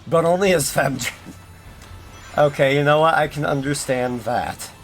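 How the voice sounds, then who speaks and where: A man's voice: fairly high pitch, measured pace. A man streaming a video game, chatting casually with his audience, rambling and self-deprecating with lots of fillers and restarts, faint game music behind. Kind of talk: casual gaming stream chat.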